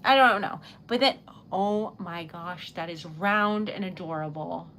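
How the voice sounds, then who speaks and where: A young woman hosting a relaxed livestream, chatting casually with viewers as she crafts, rambling and giggling often. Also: on the low side, a little slow, a little hiss or hum. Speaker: livestream host. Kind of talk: casual chat while crafting.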